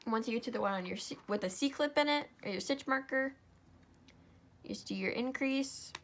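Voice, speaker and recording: A woman's voice: a little high, normal speed, a little hiss or hum. A sleepy young woman walks through a craft project in a casual, chatty way. She keeps correcting herself and apologizing as she goes. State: sleepy, yawning. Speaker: craft tutorial host. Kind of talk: casual step-by-step tutorial.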